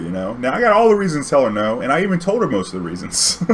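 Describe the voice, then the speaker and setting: A man's voice: medium pitch, sing-song, fast, few pauses, slight background noise. A man, a cab driver telling a story in a rambling, conversational way, full of restarts and "you know"s. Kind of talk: casual storytelling.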